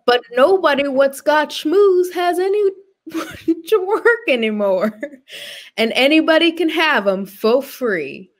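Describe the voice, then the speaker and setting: A plain-spoken rural laborer with a put-on Arkansas drawl, voiced by a woman. The voice sits high and swings widely, and the folksy lines come out like a comic read-through. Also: expressive, slow pace.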